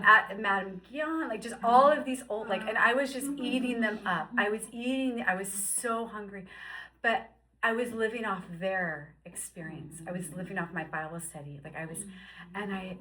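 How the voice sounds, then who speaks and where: A woman in her fifties telling her personal faith story, moving between hushed, whispered passages and excited, high-pitched bursts. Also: a little hiss or hum, low-quality recording. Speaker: guest sharing testimony. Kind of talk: emotional personal testimony.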